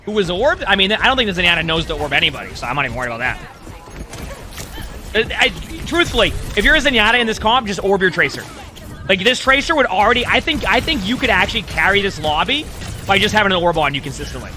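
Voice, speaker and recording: A male streamer with a high, strikingly bright and forceful voice, talking through a match in casual commentary. He is chatty, restarts and repeats words often, and leans on "like" as he coaches the player. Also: very animated, quick pace. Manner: chatty, repeats himself, many "like" fillers.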